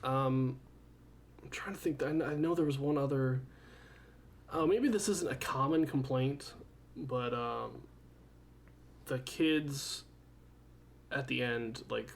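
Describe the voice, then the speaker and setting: A man's voice: mid-range voice, takes it slowly, gravelly, long pauses, slight background noise. A man co-hosting a podcast in casual chat, laid-back and swearing, often laughing as he talks. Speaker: podcast co-host.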